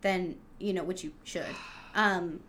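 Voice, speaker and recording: Bright, giggly woman chatting. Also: fairly low pitch, fairly even intonation, takes it slowly, a little hiss or hum. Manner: giggly and playful, laughs often. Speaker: podcast co-host. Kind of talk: casual chat.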